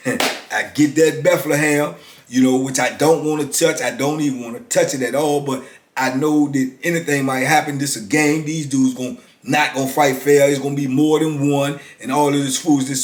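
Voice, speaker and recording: A man in his fifties casually telling a story from his past in a laid-back, drawn-out way, often dropping "man" into his sentences. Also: medium pitch. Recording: roomy echo.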